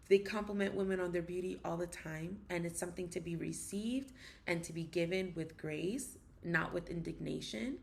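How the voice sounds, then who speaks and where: A woman giving a casual spoken language lesson, repeating practice phrases slowly and with emphasis. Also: lowish voice, gravelly. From United States. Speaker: language teacher vlogger.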